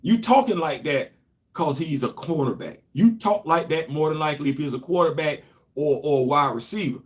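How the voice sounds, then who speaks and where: Lively man chatting sports. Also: a little high, moderate pace. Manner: animated, laughing often, Southern colloquial talk. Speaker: show host. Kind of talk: casual live-stream chat.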